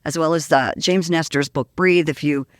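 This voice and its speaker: A woman's voice: sits low, steady tone, normal speed, no room sound, studio quality. Chatty, upbeat woman podcast host. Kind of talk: casual interview.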